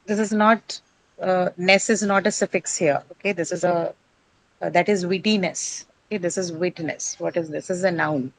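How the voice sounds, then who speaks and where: A woman with a fairly low voice leads an English pronunciation lesson. She explains patiently, poses questions to her class and answers them herself, and often checks in with "right?". Her voice sounds dry and close, with no room echo. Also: fairly even intonation, normal speed. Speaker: English teacher.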